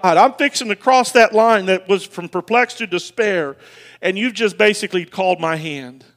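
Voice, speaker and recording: Middle-aged man, high voice, emotional storytelling preacher who stammers and repeats himself. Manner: storytelling, emotional, repeats words, rises to loud passionate bursts. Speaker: pastor. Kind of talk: sermon.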